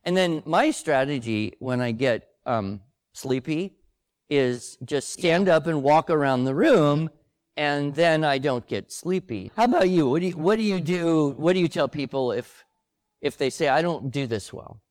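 A man's voice: on the high side, lively intonation, unhurried, no room sound, studio quality. An older man talking casually and chattily with a co-host, with easy laughs. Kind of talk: casual conversation before a live audience.

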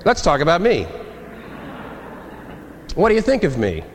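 A man's voice: on the high side, wildly swooping pitch, unhurried, slight background noise, exaggerated voice. A man voicing a boastful, self-centered man on a date, with a long hall reverb behind him. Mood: smug.

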